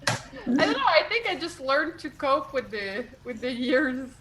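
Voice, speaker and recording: A woman's voice: high voice, animated, normal speed, a loud crowd, poor audio. A woman playing a tabletop role-playing game, chatting and giggling with the group. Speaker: player. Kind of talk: casual game-table chat.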